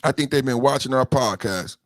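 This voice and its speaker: A man's voice: medium pitch, a little fast, a bit bright, dry recording, studio quality. A young man hosting a political podcast, ranting with slang and swearing and repeating his lines for emphasis. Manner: profane and slangy. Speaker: podcast host. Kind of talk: heated political commentary.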